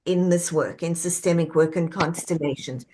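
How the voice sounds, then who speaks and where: A woman being interviewed, calmly walking the listener through reflective questions step by step. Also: fairly low pitch, moderate pace. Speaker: guest. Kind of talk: interview answer, coaching talk.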